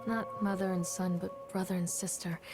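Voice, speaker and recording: An actress playing a mother in a game, speaking in a quiet, brooding, reflective way. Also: lowish voice, little pitch movement, normal speed, close to an everyday voice. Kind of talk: scripted game voice acting. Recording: music behind the voice.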